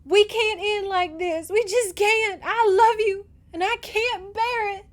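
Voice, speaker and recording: A woman's voice: very high-pitched, steady tone, takes it slowly, pitched above the performer's own voice. A woman voicing a heartbroken young Southern belle who pleads tearfully in a raised, strained voice. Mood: pleading.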